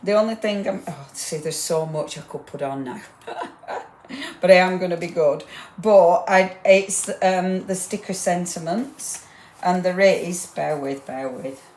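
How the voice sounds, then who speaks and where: Woman, low voice, chatty enthusiastic craft demo, echoey room. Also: unhurried, a little mellow, a little hiss or hum. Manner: rambling, enthusiastic, talks to viewers by name. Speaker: craft demonstrator hosting a live stream. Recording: roomy echo.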